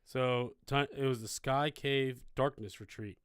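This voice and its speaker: A man's voice: medium pitch, fairly even intonation, measured pace, a bit bright, smooth, dry recording. A man co-hosting a casual podcast, chatting and reading out details in a dry way. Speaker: podcast co-host. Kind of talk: casual chat.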